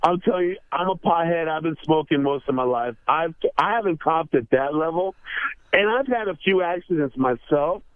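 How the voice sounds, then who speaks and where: A man's voice: on the high side, expressive, moderate pace, dry recording, phone-quality sound. A man calling into a talk show, blunt and crude, insisting on his point. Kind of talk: casual call-in banter.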